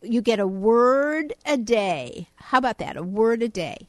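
A middle-aged woman co-host with a slightly high voice, telling a funny story about herself in casual radio chat. Her voice sounds dry and close to the mic. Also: lively intonation, unhurried, dry recording. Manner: storytelling, self-mocking.

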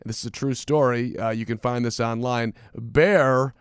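A man co-hosting a radio show, telling a news story in a dry, deadpan way with plenty of fillers. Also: mid-range voice, moderate pace, clean tone, dry recording. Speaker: radio co-host. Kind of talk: casual morning radio banter.

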